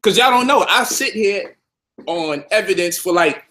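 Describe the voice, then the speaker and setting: A man talks straight to camera in a preachy, combative monologue. His voice sits high and carries a bright, forceful edge. He hammers his points home and repeats them for stress. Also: animated, normal speed. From Brownsville, Brooklyn, New York. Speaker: health and conscious-community speaker.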